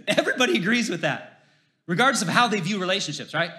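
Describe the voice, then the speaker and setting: A man with a bright, forceful voice pitched a little high preaches a sermon. He is animated, rising to loud emphasis and dropping to hushed lines, and tells stories with a jokey touch. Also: fast. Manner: jokey storyteller. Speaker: pastor.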